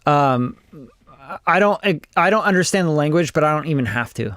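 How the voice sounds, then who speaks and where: A man's voice: on the high side, lively intonation, brisk, a bit bright, smooth, dry recording, clean studio sound. A man reviewing songs on a casual live stream, blunt and profane, often acting out other people's voices. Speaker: music producer reviewing songs.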